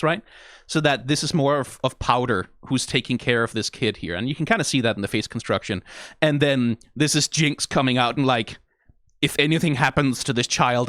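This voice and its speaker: A male streamer talking through a video in casual, analytical commentary, with a mid-pitched voice. He swears freely and gets excitable and emotional. The sound is dry and close. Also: dry recording. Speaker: reaction streamer.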